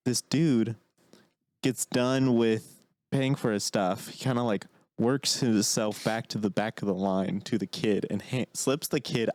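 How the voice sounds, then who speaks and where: A man co-hosting a casual podcast, telling stories in an animated way and laughing often. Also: medium pitch, dry recording. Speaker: podcast co-host. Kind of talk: casual chat.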